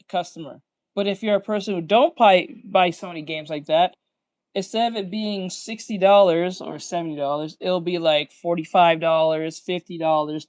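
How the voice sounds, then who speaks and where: A man's voice: high-pitched, clean tone, dry recording. Rambling man reacting, dry close sound. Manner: rambling, profane, restarts his sentences. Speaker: reaction channel host. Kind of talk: casual reaction commentary.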